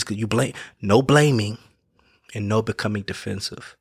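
A man's voice: lowish voice, normal speed, creaky, breathy edge, no room sound, clean studio sound. A man giving casual motivational advice in an earnest way, repeating his points, correcting himself and checking in with the listener. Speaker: vlogger giving life advice.

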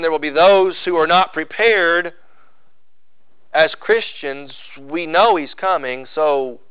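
A pastor with a drawl delivers his sermon in a fairly high, smooth and resonant voice. He swings from ringing emphasis to hushed, drawn-out lines. The sound is dry and a little dull. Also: no echo. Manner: preaching with sudden swings between loud emphasis and hushed intensity.

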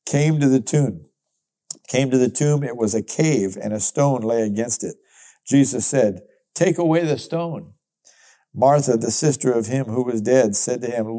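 Warm-toned man teaching the Bible. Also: medium pitch. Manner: expressive, chuckling, emphatic exclamations.

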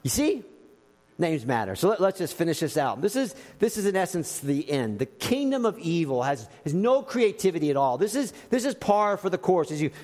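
A man's voice: sits high, a little mellow. A man preaching a sermon in a church, telling stories and acting out scenes with animation. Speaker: pastor. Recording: echoey hall with long reverb.

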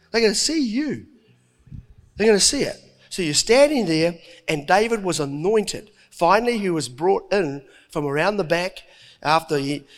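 A middle-aged man preaching a sermon, telling the story with lively acted-out voices and frequent chuckles. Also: high-pitched. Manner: animated storytelling, acting out voices, chuckling often.

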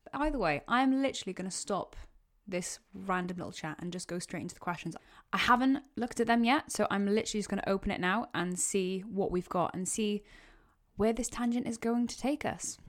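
Young Welsh woman, podcast host, casual solo Q and A, chatty and rambling, stumbles and corrects herself, close podcast mic. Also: mid-range voice. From Wales. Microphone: podcast microphone.

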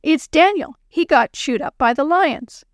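Lady putting on a tiny weepy girl, squeaky high, dry close sound. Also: lively intonation, unhurried, no room sound. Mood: solemn. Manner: wailing, high and childish. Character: little girl crying over torn felts.

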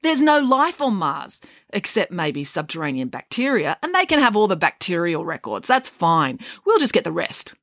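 A woman voicing an eager, bossy young girl who talks excitedly and emphatically. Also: fairly low pitch, normal speed, hardly any pauses, dry recording, clean studio sound.

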